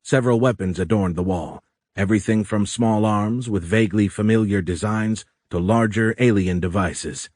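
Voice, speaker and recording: A man narrating an audiobook in a steady, even storytelling delivery. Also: lowish voice, moderate pace, no echo, studio quality. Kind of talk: scripted narration.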